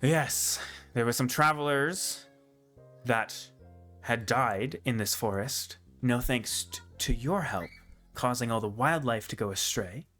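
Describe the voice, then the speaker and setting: A man's voice: medium pitch, slow pace, fairly bright tone, faint music behind. A man voicing a grumpy orc woman who leads a camp, speaking in a blunt, curt and unimpressed way. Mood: defensive.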